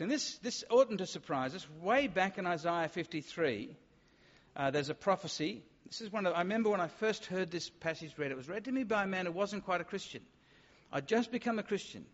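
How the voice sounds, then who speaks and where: Man preaching in a reverberant hall. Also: high-pitched. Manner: emphatic, acts out voices of doubters. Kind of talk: sermon. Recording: dull sound with long hall reverb.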